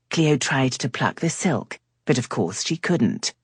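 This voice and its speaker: Woman audiobook narrator, deep husky tone, animated delivery. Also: measured pace, few pauses, dry recording, studio quality. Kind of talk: scripted romance narration.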